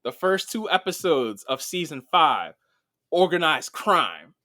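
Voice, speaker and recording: Man, podcast co-host, casual chat, profane animated retelling, higher voice, dry close sound. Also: measured pace, no echo. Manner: animated, profane storytelling recap.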